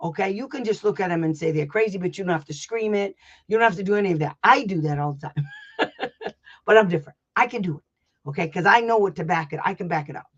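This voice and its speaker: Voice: medium pitch, fast talker, slightly rough, highs cut off. An advocate coaching parents in an informal online session, blunt and emphatic, swearing, laughing and hammering points home through repetition and acted-out exchanges. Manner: blunt, brash and emphatic, with profanity and frequent laughs.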